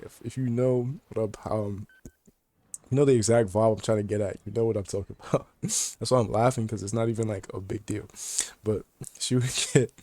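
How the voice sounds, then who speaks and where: A man's voice: fairly low pitch, vocal fry, dark tone. A young man telling a casual story to the camera, slangy and joking, laughing often as he talks. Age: young adult. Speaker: vlogger.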